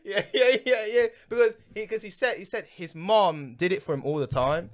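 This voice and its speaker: A man's voice: sits high, normal speed. A young man hosting a podcast in casual, slangy chat, laughing often and eagerly agreeing. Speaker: podcast host.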